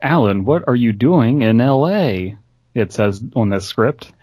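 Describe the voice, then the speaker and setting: A man's voice: medium pitch, expressive, unhurried, a little mellow, dry recording, highs cut off. A man co-hosting a casual podcast, tossing out wordplay and wisecracks. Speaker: podcast co-host.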